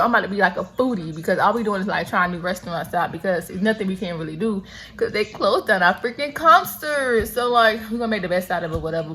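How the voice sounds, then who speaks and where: A woman's voice: mid-range voice, a bit bright, rough recording. A woman in her thirties chatting casually to camera in a vlog, talking straight to her viewers and laughing often. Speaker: vlogger.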